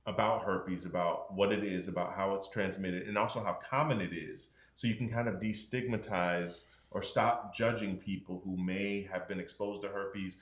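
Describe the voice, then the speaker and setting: A man's voice: sits low, steady tone, moderate pace, hardly any pauses, reverberant. A man, a doctor, explaining health matters frankly in a casual podcast conversation. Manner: explanatory, frank, acts out patients' voices.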